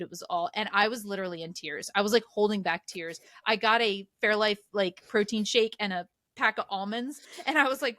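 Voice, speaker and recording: A woman's voice: a little high, a bit bright, dry recording, clean studio sound. A woman in her thirties, co-hosting a podcast and telling a rambling, self-mocking story in casual chat. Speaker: podcast co-host.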